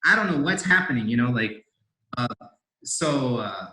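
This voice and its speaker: A man's voice: mid-range voice, expressive, moderate pace, pushed and bright. A young man in his twenties from India, a podcast guest telling his story in a rambling, casual way with lots of fillers and restarts. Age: 20s. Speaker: podcast guest, door-to-door salesman. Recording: roomy echo.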